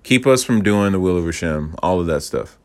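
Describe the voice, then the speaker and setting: A man's voice: low voice, lively intonation, brisk. A man giving a casual, enthusiastic Torah teaching, rambling with playful asides and restarts.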